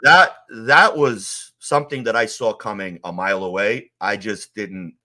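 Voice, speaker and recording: A man from Queens, telling stories in a casual interview, animated and acting out the quotes of others. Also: lowish voice, measured pace, a crowd in the background. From Queens, New York. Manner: animated, acts out quotes, swears. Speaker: guest, former mob associate.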